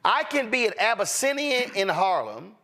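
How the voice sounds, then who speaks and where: Emphatic high-voiced male political host. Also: big pitch swings, moderate pace, sharp tone. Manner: emphatic, preacher-like cadence, cutting. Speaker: show host. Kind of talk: heated political commentary.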